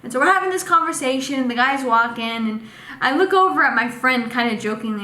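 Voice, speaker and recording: A young woman casually telling a personal story in a vlog, animated and full of fillers. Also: sits high, brisk. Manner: animated, acts out quotes with lots of fillers. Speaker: vlogger. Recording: echoey room with faint noise.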